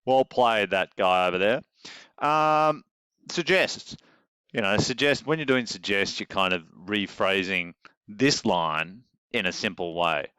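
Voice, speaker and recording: Australian male teacher, wry and joking, low smooth voice, dry close sound. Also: measured pace, pushed and bright, dry recording. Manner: wry, joking, rhetorical asides. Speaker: English teacher. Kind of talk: classroom teaching. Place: classroom.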